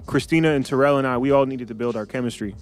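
A man's voice: medium pitch, quick pace. A man hosting a podcast in a studio room, chatting and telling stories playfully and laughing often. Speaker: podcast host. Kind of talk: casual chat.

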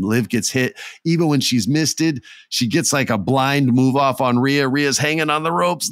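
A man casually and excitedly retelling a wrestling match, acting out scenes as he goes. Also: fairly low pitch, normal speed, hardly any pauses, dry recording, clean studio sound. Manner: excitable, acts out scenes, many restarts. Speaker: wrestling recap commentator. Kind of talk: casual storytelling recap.

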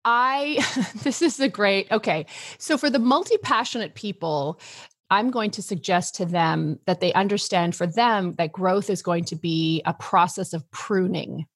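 Husky-voiced woman coach, dry sound. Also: medium pitch, a little slow, no echo. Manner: energetic, emphatic explaining with frequent laughs. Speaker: business coach guest. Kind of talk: casual podcast interview.

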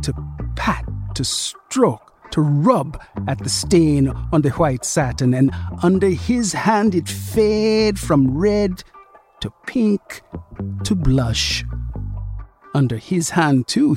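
Slow storyteller. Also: mid-range voice, darkish tone. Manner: slow, rhythmic, lingering delivery. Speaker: narrator. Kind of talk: literary story reading.

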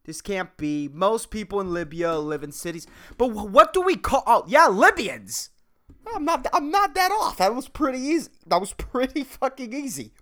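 Man, 30s, solo podcast rant: profane and rambling, and his pitch swings all over the place. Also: sing-song, normal speed, fairly bright tone. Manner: rambling, profane, says "dude" and "man" constantly; jumps between topics, self-mocking. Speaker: podcast host.

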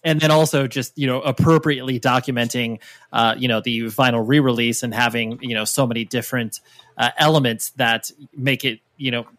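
A man hosts a casual podcast interview, winding through long questions padded with fillers. His voice sits at an ordinary middle pitch. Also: steady tone, a little fast, a bit bright. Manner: meandering questions full of fillers. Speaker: podcast host.

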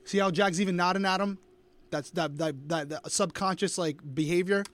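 A man co-hosting a casual live stream, making fast, emphatic calls. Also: sits high, steady tone, fairly bright tone. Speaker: co-host.

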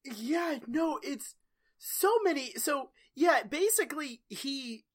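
A woman's voice: sits high, animated, slow pace. A woman in casual podcast chat, recapping a TV episode, laughing often and acting out the characters' lines. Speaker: podcast co-host.

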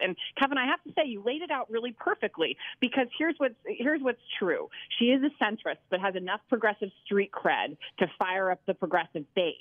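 A woman's voice: medium pitch, no room sound. A woman from California, a political strategist, giving confident, articulate commentary as a guest. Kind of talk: remote interview commentary. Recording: tinny phone line.

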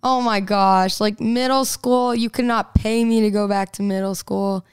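A woman's voice: medium pitch, steady tone, a little slow, smooth, dry recording. A chatty 22-year-old woman from Texas, a singer talking in a radio interview, laughing often and rambling through restarts. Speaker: singer-songwriter guest. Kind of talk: casual radio interview chat.

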